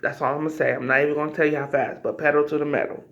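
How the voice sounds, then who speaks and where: A woman's voice: sits low, level tone, racing. A woman vlogger telling a personal story casually to her viewers, acting out scenes with cries and asides. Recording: slightly dull lo-fi audio.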